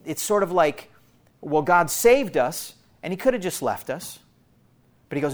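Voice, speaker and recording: Speaking in a slightly high, sing-song voice at a somewhat slow pace, a man delivers a sermon to his congregation. He teaches earnestly, treats the listeners as family and repeats important phrases to drive them home.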